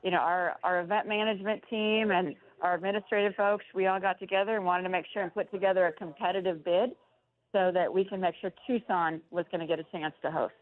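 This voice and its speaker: A woman's voice: on the low side, steady tone, fast talker. A woman calling in to a radio show from a tunnel in an arena, telling stories in an upbeat, enthusiastic way. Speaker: guest on the phone. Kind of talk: phone-in interview. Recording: tinny phone line.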